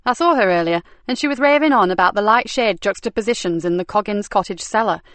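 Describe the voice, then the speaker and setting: A woman voicing a tough, blunt female detective inspector, speaking brisk, loud and wry. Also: mid-range voice, lively intonation, dry recording, natural voice.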